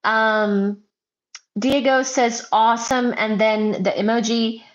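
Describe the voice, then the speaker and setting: A woman chats through her physics livestream, reading comments aloud in a loud, playful, slow-paced manner that edges toward shouting. Her voice sits fairly high, and the audio is a bit dull and lo-fi. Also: fairly even intonation. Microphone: wearing headphones.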